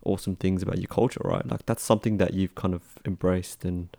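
An Australian man chatting as a podcast co-host, relaxed and halting, with many fillers. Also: sits low, vocal fry, no room sound, studio quality. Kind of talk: casual chat.

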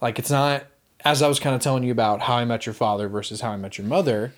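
A man talks casually on a movie podcast at an average pitch. He rambles through his points with animated energy and drops the odd swear word. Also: fast talker. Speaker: podcast co-host. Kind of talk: casual chat about movies.

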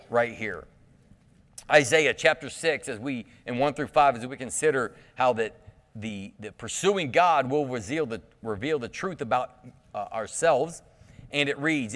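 A man's voice: mid-range voice, a bit bright, long reverb tail. A pastor preaching a sermon in a conversational way, asking the congregation questions and often restarting his sentences.

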